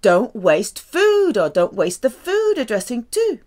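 Woman, French teacher, slow measured lesson delivery, very animated pitch. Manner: slow, careful, lively delivery with drawn-out French examples. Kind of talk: language lesson.

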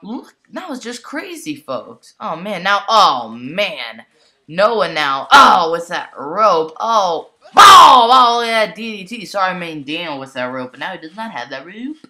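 A woman giving excitable mock play-by-play commentary on a toy wrestling match, exclaiming constantly and calling out to the folks. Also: lowish voice, unhurried.

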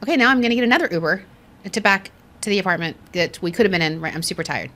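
A woman's voice: medium pitch, racing. A woman, co-hosting a podcast and telling a story with lots of acted-out quotes. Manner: animated storyteller, acts out quotes. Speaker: podcast co-host. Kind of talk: casual chat.

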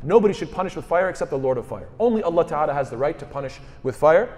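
A man's voice: fairly high pitch, expressive, quick pace, darkish tone, long reverb tail. A man delivering a sermon, asking rhetorical questions and quoting scripture in Arabic. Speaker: speaker at a mosque.

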